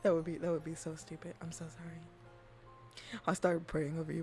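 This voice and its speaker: Giggly woman, slipping into soft whispers. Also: low-pitched, little pitch movement, a little fast, soft background music. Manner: rambling and giggly, often dropping into whispers. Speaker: streamer. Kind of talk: casual stream chat with soft ASMR voice.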